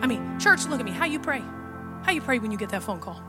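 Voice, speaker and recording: A woman pastor preaching a sermon with strong rising emphasis, growing soft and tender when she tells a personal story. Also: on the high side, expressive, fast talker, over loud music.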